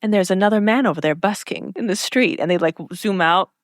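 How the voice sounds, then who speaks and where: A woman co-hosting a podcast casually recaps a TV episode, telling the story in an animated way and acting out the characters' lines. Her mid-range voice moves fairly quickly, captured in studio quality with no room sound.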